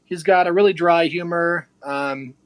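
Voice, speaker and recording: A man's voice: fairly high pitch, measured pace, dry recording. A young adult man, a podcast guest, telling a casual story and acting out the people in it. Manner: animated, acts out quoted people.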